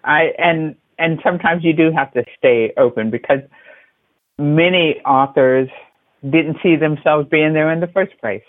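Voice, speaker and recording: A man hosting a podcast interview, effusive and emphatic, piling on warm praise for his guest. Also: a little high, a little slow, no room sound. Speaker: podcast host. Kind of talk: conversational interview. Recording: thin phone-like line, dry.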